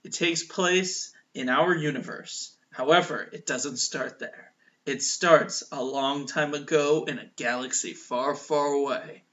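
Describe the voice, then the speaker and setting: A young man joins in with quick, teasing comments during a casual chat. His voice is bright and a bit high. The sound is dull and lo-fi. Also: steady tone. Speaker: podcast co-host.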